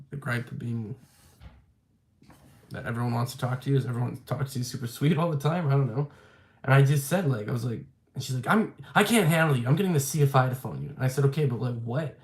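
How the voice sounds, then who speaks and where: A young man talks straight to his audience in a casual vlog. He vents his frustration in a rambling way, full of filler words and restarts, his voice sitting at an ordinary middle pitch. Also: vocal fry, mellow. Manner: frustrated, venting, many filler likes. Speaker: vlogger.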